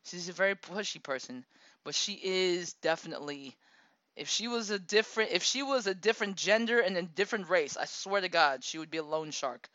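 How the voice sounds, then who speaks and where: A woman in her thirties telling a personal story in a casual, animated way, laughing often and acting out the people she quotes. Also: on the low side, a little fast, no echo. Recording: dull lo-fi dry recording.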